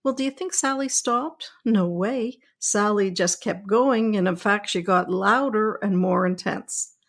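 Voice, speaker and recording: A middle-aged woman pediatrician hosting a podcast, speaking in a calm, reassuring, explanatory way. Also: mid-range voice, a little slow, vocal fry. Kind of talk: scripted podcast talk.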